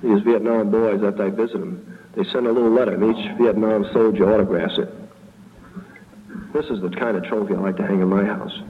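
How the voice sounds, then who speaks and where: A man giving an earnest, halting acceptance speech at a banquet, repeating himself as he goes. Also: on the low side, fairly even intonation, slight background noise. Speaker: award recipient giving a speech. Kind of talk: public speech. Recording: tinny archive recording in an echoey hall.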